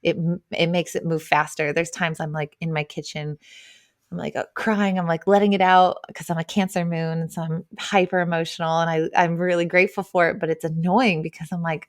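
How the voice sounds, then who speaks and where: A woman's voice: on the low side, fairly even intonation, fairly quick, dry recording, clean studio sound. A woman talking as a podcast guest in an earnest, emotionally open way, dropping frequent "like" and "right?" as she reflects. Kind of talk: casual podcast chat.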